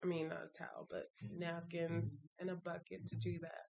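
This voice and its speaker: A woman vlogger calmly walking through her spiritual routine, speaking softly and reflectively and reciting affirmations. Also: fairly low pitch, moderate pace, creaky, noisy background. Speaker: vlogger sharing a ritual. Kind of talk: casual spoken walkthrough of a spiritual routine.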